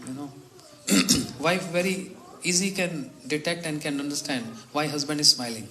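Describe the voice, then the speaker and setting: A man giving a sermon at a retreat, telling a story in a slow, measured way and voicing its dialogue quietly. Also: fairly high pitch, echoey room, slight background noise, rough recording. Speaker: spiritual teacher. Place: retreat hall.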